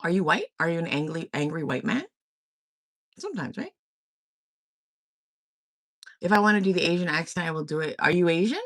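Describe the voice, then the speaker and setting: A woman from Korea chats on her livestream in a lower voice whose pitch leaps and swoops. She is blunt and swears freely as she answers comments. The sound is close and dry. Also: very animated, fast, a bit bright, no echo. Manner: blunt, profane, opinionated. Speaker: livestream host. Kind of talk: casual livestream chat reading comments.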